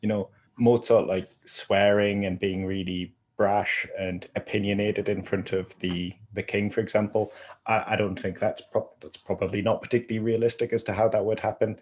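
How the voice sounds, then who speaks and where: A man co-hosting a film review podcast, explaining his points in a measured, casual way. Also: fairly low pitch, level tone, a little mellow. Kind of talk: casual chat.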